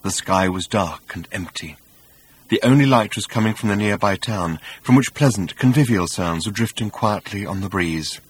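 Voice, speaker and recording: Husky low-voiced male narrator. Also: normal speed. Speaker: audiobook narrator. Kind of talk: scripted narration.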